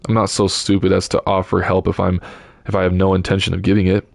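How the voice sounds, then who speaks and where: A man's voice: deep voice, monotone, quick pace, creaky, no room sound, clean studio sound. Man reading as a fiery young lady. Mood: indignant. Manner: indignant, clipped retorts. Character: young well-bred woman, proper and quick-tempered.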